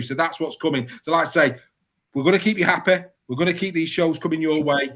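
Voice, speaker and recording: A man's voice: on the high side, fast talker, a bit bright. A man hosting a sports podcast, wrapping up the show in a chatty, casual way and often repeating himself. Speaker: podcast host. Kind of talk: casual live show sign-off.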